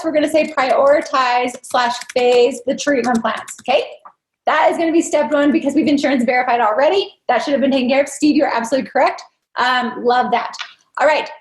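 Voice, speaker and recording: A woman's voice: high voice, reverberant. A woman trainer leading an interactive online workshop, upbeat and coaxing as she quizzes her audience. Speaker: dental practice trainer leading a live workshop.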